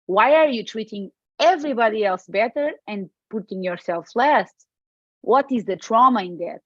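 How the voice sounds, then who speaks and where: A woman's voice: a little high, normal speed, dry recording, lo-fi sound. A woman with a Portuguese accent, a medicine practitioner speaking as a podcast guest, emphatic and repeating herself. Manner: emphatic, repetitive, animated. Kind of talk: podcast interview.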